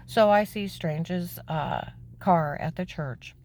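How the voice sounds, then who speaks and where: Woman, lowish voice, candid personal testimony, emphatic and indignant, tosses in "okay?" asides. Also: slow, a little mellow. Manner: emphatic and indignant, voice climbing high when upset; plain-spoken, with frequent "okay?" asides. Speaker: storyteller recounting her own life.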